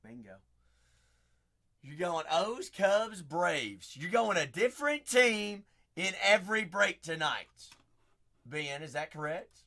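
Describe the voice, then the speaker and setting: Raspy-voiced chatty male stream host. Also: sits high, big pitch swings, slow. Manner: chatty, hypes up viewers, shouts out names. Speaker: card break host. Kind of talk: live stream chat.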